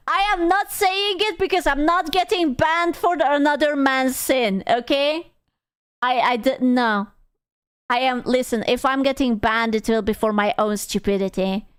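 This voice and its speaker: A woman's voice: high-pitched, a little slow, smooth, no echo, studio quality. A young adult woman streaming live, chatting casually with viewers in crude, teasing banter and bursts of playful squealing.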